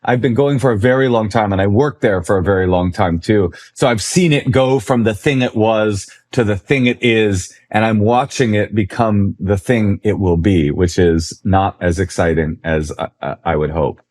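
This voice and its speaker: A man in his forties, a comedian guest, telling a story in a conversation, animated and self-deprecating. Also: fairly low pitch, moderate pace, hardly any pauses.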